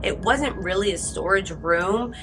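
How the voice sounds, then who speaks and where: A woman's voice: mid-range voice, a little slow, background noise. A woman podcast host narrating a court case in a casual, conversational way, reading from transcripts.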